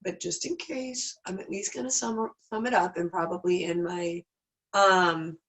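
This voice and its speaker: A woman's voice: fairly low pitch, steady tone, unhurried, fairly bright tone, poor audio. Teary, stuffy-nosed woman teaching candidly. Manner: candid, self-deprecating, rambling asides. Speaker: class teacher. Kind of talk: casual online class talk.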